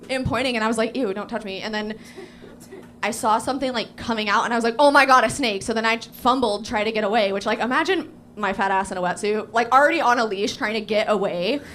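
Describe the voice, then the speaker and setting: A woman's voice: a little high, fast, fairly bright tone. Young woman, stand-up comic, crude and self-mocking, live cafe stage mic, faint room hum. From Portland, Oregon. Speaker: stand-up comedian. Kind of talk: stand-up set.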